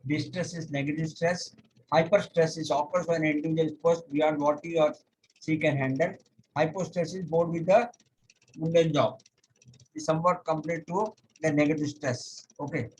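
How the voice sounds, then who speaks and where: A man teaching a yoga class over a video call, explaining step by step, pausing on "okay", and chanting scripture verses slowly. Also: on the high side, fairly even intonation, darkish tone, a little hiss or hum, rough recording. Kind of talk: online lecture.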